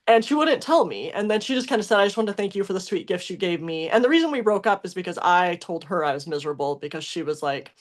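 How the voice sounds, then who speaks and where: A woman's voice: fairly low pitch, animated, racing, hardly any pauses. A young adult woman on a podcast, talking in a casual, emotional way about a past relationship, with lots of fillers and restarts. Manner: emotional, rambling with many fillers and self-corrections. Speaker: podcast co-host. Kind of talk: casual conversational storytelling.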